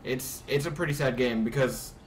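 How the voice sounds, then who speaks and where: A man's voice: medium pitch, moderate pace, a little hiss or hum. A man hosting a casual dual commentary over a shooter match, laid-back and chuckling with his friend. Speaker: channel host, gameplay commentator.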